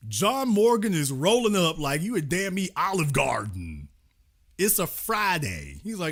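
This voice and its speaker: A man hosting a live commentary show, ranting in a sarcastic, mocking, profane way, with fast bursts and slow, drawn-out emphasis. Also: on the high side, huge pitch swings, a bit bright. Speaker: political commentary host.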